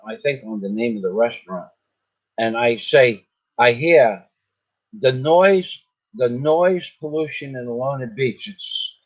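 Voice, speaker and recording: An older man telling a long story in a casual, rambling way, often repeating himself and restarting his sentences. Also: mid-range voice. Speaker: vlogger. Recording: slightly dull lo-fi sound.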